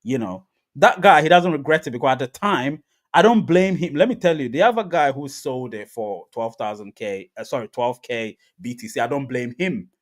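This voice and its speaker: A man's voice: medium pitch, lively intonation, moderate pace. A man hosting a live crypto reaction stream, talking emphatically to his chat, repeating himself and laughing often. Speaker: crypto livestream host.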